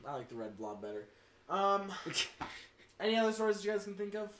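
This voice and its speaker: A teenage man with a high, bright voice that rises and falls widely as he jokes. The echoey room carries a faint hiss of noise. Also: big pitch swings, brisk. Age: teens. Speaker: co-host. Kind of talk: casual chat.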